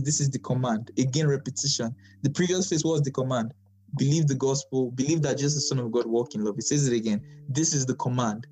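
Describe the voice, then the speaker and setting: A man's voice: medium pitch, mellow, low-quality recording. Emphatic man teaching scripture. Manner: emphatic, repeats phrases, light laughs. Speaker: Bible study teacher. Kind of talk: Bible study teaching.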